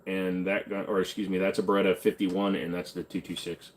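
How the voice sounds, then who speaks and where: Man, low-pitched, blunt offhand live-stream host, casual chat. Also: steady tone, fairly quick, hardly any pauses, a little mellow. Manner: blunt, offhand, hums and sings snippets between questions. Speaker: host answering chat questions.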